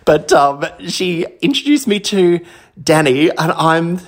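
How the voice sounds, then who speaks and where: A man's voice: on the high side, very animated, slow. A man from Australia, a DJ, telling a self-deprecating anecdote in a chatty recorded message. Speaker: DJ sending in a story.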